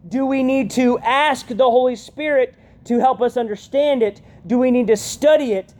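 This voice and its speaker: A woman giving a conversational youth sermon, often checking in with her listeners with a quick "right?". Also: high-pitched, lively intonation, warm tone. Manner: chatty, keeps asking "right?". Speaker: youth pastor.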